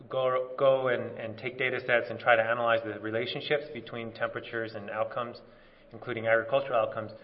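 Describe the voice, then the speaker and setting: A man from California giving an academic conference talk in a relaxed, informal way, with lots of fillers and restarts. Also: mid-range voice. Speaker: conference speaker. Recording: dull audio with long hall reverb.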